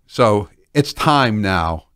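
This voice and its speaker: A man's voice: on the low side, animated, extremely slow, a bit bright, clean tone, no echo. A man hosting a talk radio show in a studio, delivering a sarcastic, mocking monologue into a studio microphone.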